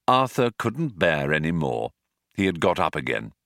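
A man's voice: sits low, very animated, moderate pace, a bit bright, dry recording. A man narrating an audiobook in a dry, wry storytelling manner. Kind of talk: scripted narration.

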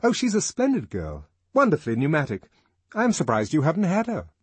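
A man's voice: a little high, wildly swooping pitch, a little fast, breathy edge, dry recording, voice pushed up, exaggerated voice. A man voicing a smug, boastful young man in an audiobook, with a brash delivery.

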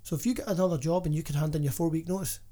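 Scottish man, personal trainer, podcast co-host, blunt, sweary, mellow warm tone. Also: on the high side, fairly even intonation, racing. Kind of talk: casual podcast chat.

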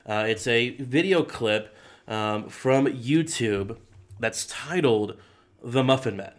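A man's voice: mid-range voice, slow. A man hosting a Christian podcast, casually setting up a clip for listeners. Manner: conversational, introduces segments. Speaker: podcast host.

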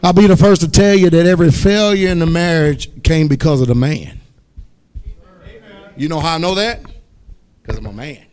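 A man preaching a sermon as pastor, rising to loud exhortation and dropping to soft asides. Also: on the high side, moderate pace, long pauses, clear, resonant tone. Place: church.

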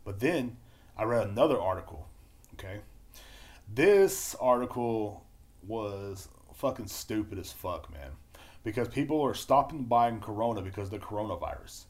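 A lower-pitched man hosting a solo podcast rant. He swears nonstop and rambles from topic to topic, sometimes shouting and sometimes trailing off into a mutter. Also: expressive, moderate pace. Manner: profane, rambling, swings between loud outbursts and mumbling. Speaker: podcast host.

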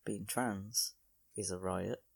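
A young man with a low, gravelly voice rambles through a solo podcast. His humour is crude and self-mocking. The sound is close and dry, with no room around it. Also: steady tone, slow, no room sound. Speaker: podcast host.

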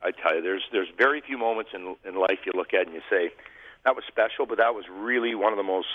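A man's voice: low-pitched, fast, slight background noise. Male guest, ex-goalie, chatty self-deprecating storyteller, phone-quality audio. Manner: humorous, self-deprecating anecdotes. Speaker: guest, former hockey goalie. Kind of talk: casual interview storytelling. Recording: tinny phone-like line.

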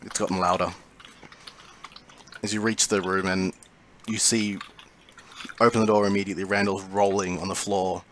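A low-pitched man running a tabletop game as game master. He describes each scene calmly and steadily. A faint hiss sits under the recording. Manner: calm, measured scene narration.

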